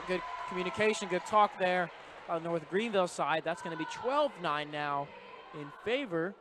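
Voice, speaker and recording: A young man with a somewhat high voice calls a volleyball match play by play in a brisk, chatty way. The broadcast audio is noisy, with gym sounds and bouncing balls clearly under his voice. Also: a bit bright. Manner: brisk, conversational play-by-play calling. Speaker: play-by-play commentator. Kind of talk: live volleyball commentary. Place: indoor college gym. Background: gym noise with bouncing balls.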